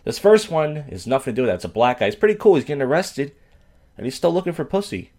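A man's voice: a little high, very animated, fast, warm tone. Blunt, profane man ranting. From Philadelphia. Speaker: podcast host. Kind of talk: crude ranting commentary.

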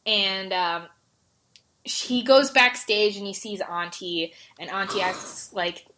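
A woman's voice: medium pitch, slow, sharp tone. Woman co-host, casual recap chat, emotional and gushing, filler-heavy delivery. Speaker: podcast co-host.

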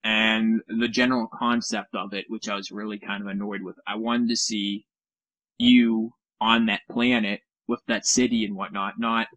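A man's voice: lowish voice, flat delivery, moderate pace, fairly bright tone, no echo, dull audio. A man co-hosting a casual gaming podcast, rambling and sarcastic, often correcting himself. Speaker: podcast co-host.

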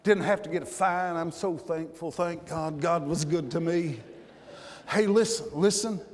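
A man preaching a fiery sermon, repeating words and rising into shouts. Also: fairly high pitch, a little slow. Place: church. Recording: church hall with long reverb.

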